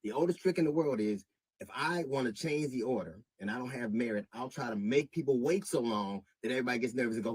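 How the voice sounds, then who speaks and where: A middle-aged comedian making a public statement, measured at first and then indignant, with halting restarts. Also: male voice, medium pitch, lively intonation, a little mellow, husky, dry recording, rough recording.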